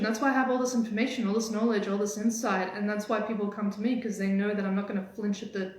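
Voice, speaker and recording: A woman dating coach giving energetic, teasing motivational talk on a live stream. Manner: energetic, teasing, fast-changing pitch. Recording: very echoey room.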